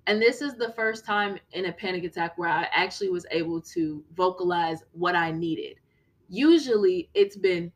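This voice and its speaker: A woman's voice: lowish voice, moderate pace, fairly bright tone. A woman hosting a podcast, telling a personal story in an earnest, emphatic way and repeating key phrases for weight. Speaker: podcast host.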